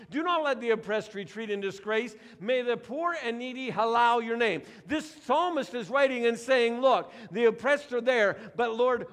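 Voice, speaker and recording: A male pastor preaches with a high, ringing voice, driving his points home through repetition. He calls on the congregation to answer back. The sound carries a long reverb from a church sanctuary. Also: fairly bright tone. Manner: emphatic, repetitive preaching with call-and-response. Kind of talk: sermon.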